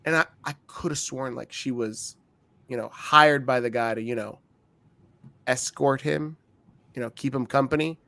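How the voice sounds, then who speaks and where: A man co-hosting a wrestling podcast, telling stories in a profane, animated way and acting out what people said. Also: medium pitch, moderate pace, vocal fry, long pauses, no room sound. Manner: profane, animated storytelling with acted-out quotes. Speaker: podcast co-host. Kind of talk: casual chat.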